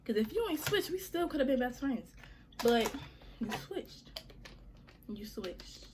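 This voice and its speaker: A woman's voice: on the high side, big pitch swings, measured pace, noisy background. A young woman vlogger telling a story to her viewers in a chatty, slangy way, often calling them y'all.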